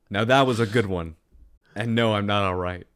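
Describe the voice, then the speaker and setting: A man's voice: fairly low pitch, clean tone. A man hosting a casual podcast, joking around and stammering through a cough while sick. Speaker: podcast host.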